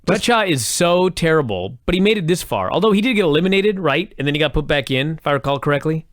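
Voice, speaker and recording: Blunt, lively-voiced man co-host. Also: a little high, fast talker, no echo, studio quality. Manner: blunt, crude, deadpan complaints. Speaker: podcast co-host. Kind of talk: casual podcast chat.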